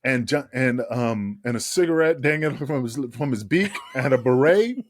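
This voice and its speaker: A man, a guest on a podcast, telling a long story in a casual, animated way, laughing and swearing as he goes. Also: mid-range voice, moderate pace, no room sound, studio quality. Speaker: guest, former wrestler. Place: podcast studio.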